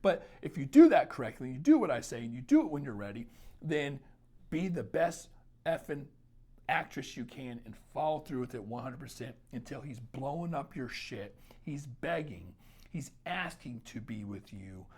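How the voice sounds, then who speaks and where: A man's voice: mid-range voice, sing-song, normal speed, mellow, husky. A man talking straight to camera as a dating coach, giving blunt, emphatic advice and swearing freely. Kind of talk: casual advice monologue.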